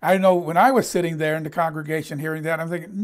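A man's voice: fairly high pitch, fast. A middle-aged male pastor preaching a sermon in an emphatic, conversational way.

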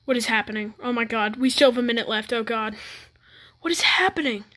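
A woman with a high, bright voice reacts to a music video with comic bewilderment. She stammers and restarts as she fires off exasperated questions at the screen. It is loose, running commentary. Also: brisk.

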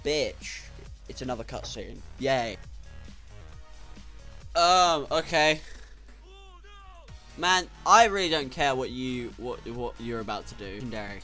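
A young man giving casual, sarcastic gameplay commentary, swearing and breaking into sudden loud outbursts. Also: medium pitch, animated, takes it slowly, pauses often, faint music behind. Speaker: gaming YouTuber.

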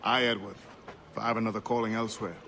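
A steady seafaring comrade. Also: male voice, fairly low pitch, quick pace, a little hiss or hum. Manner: calm and earnest. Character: steady, loyal male sailor comrade. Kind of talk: game cutscene acting.

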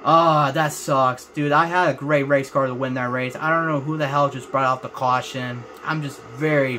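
A man's voice: on the high side, fairly bright tone, slight background noise. A young man hosting a racing game let's play, talking to viewers and repeating his frustration as he races. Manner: frustrated, repetitive, talks to viewers. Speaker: gaming channel host.

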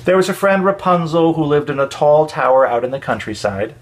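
A man reading a children's story aloud for a church, expressive with dramatic pauses. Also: fairly high pitch.

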